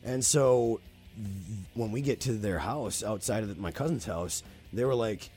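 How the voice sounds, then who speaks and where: A man's voice: lowish voice, animated, normal speed, darkish tone, husky, faint music behind. A man casually telling a spooky story on a podcast, swearing freely and talking animatedly.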